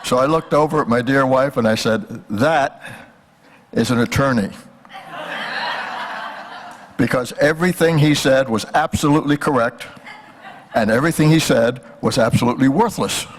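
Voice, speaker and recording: An older man giving a history lecture at a symposium, telling jokes in a folksy way and pausing often with fillers. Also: mid-range voice, noisy background. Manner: folksy, hesitant with many fillers. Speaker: guest speaker, historian.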